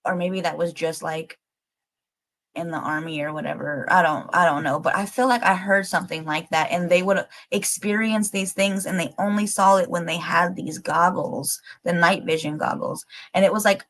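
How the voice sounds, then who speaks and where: A woman's voice: lowish voice, normal speed. Rambling, swearing woman streamer. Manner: rambling, many fillers, swears freely; excitable, thinks aloud. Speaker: livestream host. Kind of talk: casual livestream chat with viewers.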